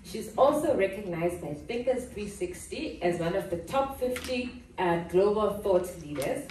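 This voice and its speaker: Woman MC announcing a speaker, bright and animated, heard from afar in a roomy hall. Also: mid-range voice, a little slow. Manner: lively, announcing. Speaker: event MC. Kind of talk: introducing a speaker. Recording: echoey hall from a distance.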